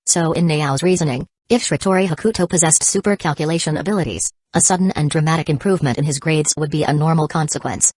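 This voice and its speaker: Low-voiced woman narrating an audiobook. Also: fairly quick, hardly any pauses, a little mellow, no echo.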